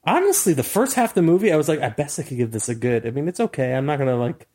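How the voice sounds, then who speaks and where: A man's voice: fairly high pitch, very animated, racing, darkish tone. A man co-hosting a podcast in casual chat, dry and teasing. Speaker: podcast co-host.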